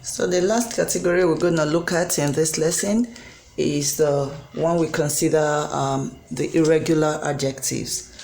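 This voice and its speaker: An English tutor giving a recorded grammar lesson, slow and deliberate, spelling out letters and pausing on frequent ums. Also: medium pitch, steady tone, vocal fry, a little mellow. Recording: roomy echo with faint background hum.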